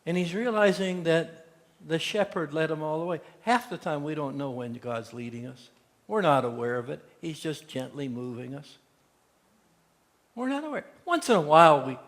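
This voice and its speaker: Fairly high in pitch with lively intonation, a man preaches at a moderate pace as pastor. His sermon, delivered in a church sanctuary, features folksy storytelling and acted-out quotes, wrapped in long church reverb.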